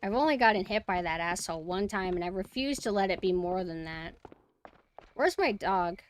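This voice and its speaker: A young woman streaming a horror game, chatting casually and excitably as she plays. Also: medium pitch, moderate pace, a little hiss or hum. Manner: chatty, excitable, cheering her dog on. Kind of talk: casual gameplay commentary.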